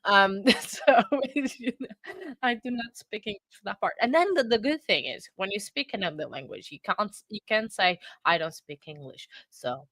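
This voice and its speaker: A woman's voice: mid-range voice, expressive, moderate pace, sharp tone, no room sound. A woman hosting a casual live stream, chatting and rambling as she reacts, laughing often, on a close microphone. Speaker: livestream host.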